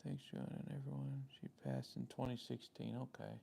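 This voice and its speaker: A man's voice: mid-range voice, level tone, moderate pace, vocal fry, mellow, slight background noise. A man with a Southern US accent hosting a casual live stream, rambling in a friendly way as he answers viewers' comments by name. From Southern United States.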